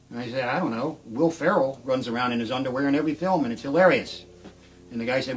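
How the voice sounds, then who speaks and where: A middle-aged man doing rambling, deadpan stand-up storytelling on a live stream from his shed, with sudden shouted outbursts. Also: medium pitch, fast talker. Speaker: comedian and musician. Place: home shed.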